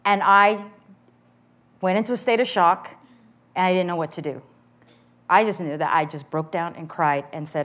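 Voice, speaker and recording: A woman's voice: lowish voice, normal speed, long pauses, fairly bright tone. A middle-aged woman giving an earnest, candid personal testimony before a church audience.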